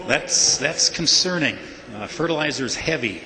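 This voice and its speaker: A man's voice: a little high, lively intonation, normal speed, crowd noise. A man, a state representative, poses hesitant questions full of "uh" during a legislative floor debate. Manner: hesitant, with many "uh" fillers. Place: large legislative chamber. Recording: long reverb of a large chamber.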